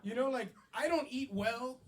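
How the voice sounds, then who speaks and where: A man in his twenties performs stand-up on a club stage, holding a handheld mic. His voice is very high and his pace normal, and he keeps it loose and slangy, dropping in "yo" and "baby."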